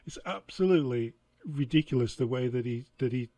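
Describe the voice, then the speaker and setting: A man's voice: medium pitch, lively intonation, brisk, mellow, dry recording. A man hosting a reaction channel, exasperated and sarcastic as he comments on clips. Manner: exasperated, sarcastic, laughs often.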